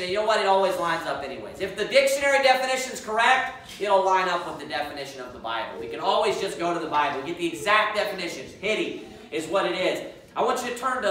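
A man preaches in a sharp, bright voice, hammering home each point and slowing for scripture. His voice carries through a big reverberant church from some distance away, with a faint background hum. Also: high voice. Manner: emphatic, repeats points and verse references; reads scripture aloud slowly. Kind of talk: sermon. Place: church sanctuary. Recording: echoey church room, mic at a distance.

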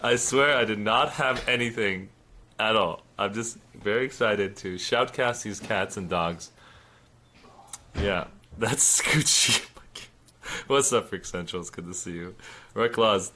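A man's voice: lowish voice, a little slow, bright, forceful tone. A man hosting a casual livestream from indoors in an apartment, chatting in a rambling way and thanking viewers. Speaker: streamer host.

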